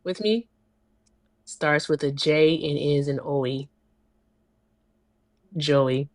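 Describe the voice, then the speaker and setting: A woman co-hosts a casual livestream, upbeat and chatty with the host and the chat. Her voice sits a little low, recorded dry and close. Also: takes it slowly, a little mellow, dry recording.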